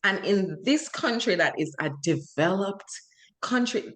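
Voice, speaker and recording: A woman's voice: mid-range voice, expressive, unhurried, a bit bright. Impassioned woman podcast co-host. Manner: earnest, impassioned, many fillers. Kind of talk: casual chat.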